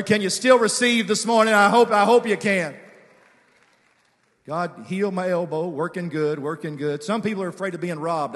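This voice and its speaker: A high-pitched, bright, forceful male preacher delivers a guest sermon in a large sanctuary, his voice ringing with long hall reverb. He drops into quiet, conversational asides, then builds to shouted, stretched-out proclamations, urging the congregation to answer back. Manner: calls for congregation responses.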